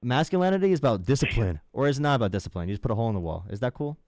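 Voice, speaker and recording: A young man hosting a live political call-in show, talking calmly with lots of fillers and a mocking edge. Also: mid-range voice, very fast, no echo, clean studio sound. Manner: calm, mocking, filler-heavy. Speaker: host.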